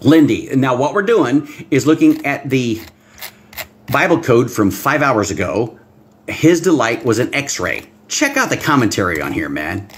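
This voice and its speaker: A man preaching a livestream Bible-code sermon, excitable, swinging between hushed asides and loud exclamations and talking straight to his viewers. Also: medium pitch, measured pace, a little hiss or hum. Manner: talks directly to viewers, reads out comments. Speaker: pastor.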